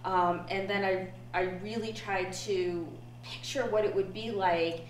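A woman, a director, talking casually in a measured, diplomatic way and thinking aloud as she goes. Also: medium pitch, fairly even intonation. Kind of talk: casual chat. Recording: echoey room, distant mic, faint hum.

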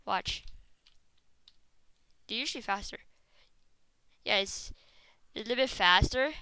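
A woman giving casual gameplay commentary, rambling with many fillers and breaking into excited shrieks and exclamations. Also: medium pitch, slow pace, smooth, no room sound, poor audio. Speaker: gaming video host.

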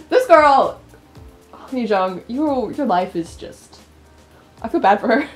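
A woman's voice: fairly high pitch, big pitch swings, unhurried, pauses often, faint music behind. A young woman hosting a game playthrough, chatty, laughing often and swearing freely. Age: young adult. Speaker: let's play host. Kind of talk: casual gameplay commentary.

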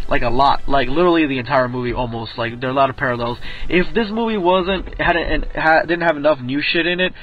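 A man giving a casual, rambling film review, full of fillers, restarts and swearing. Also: mid-range voice. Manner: rambling, filler-heavy, profane. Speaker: movie reviewer. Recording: tinny phone-like audio with faint music.

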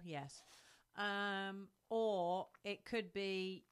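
A woman co-hosting a podcast in casual chat, brisk and teasing. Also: fairly low pitch, animated. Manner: teasing, laughs often, brisk and matter-of-fact. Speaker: co-host.

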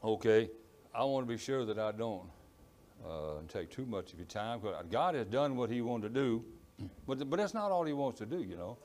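A man's voice: mid-range voice, animated, normal speed, darkish tone. A man with a Cajun accent preaching a sermon in church. He has a strong voice and rambles, apologizes and stumbles over his words. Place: church in East Texas.

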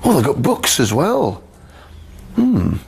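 A man's voice: mid-range voice, huge pitch swings, takes it slowly, vocal fry, darkish tone, breathy edge, heavily acted. A British man playing a cheery grown-up character on a children's TV show, chatty and chuckling as he tells a story.

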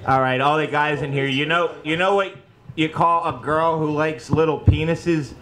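A man's voice: on the high side, fairly even intonation, normal speed, rough recording. A man telling short dirty one-liners and heckling the other contestants. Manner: dry wisecracker. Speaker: comedian contestant. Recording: loud crowd in room.

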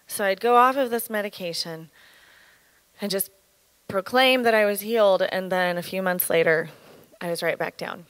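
Woman in her 30s sharing her story at church, earnest and candid, mid pitch, dry close sound. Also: fairly bright tone, no room sound, low-quality recording. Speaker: church speaker. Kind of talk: personal testimony in a sermon.

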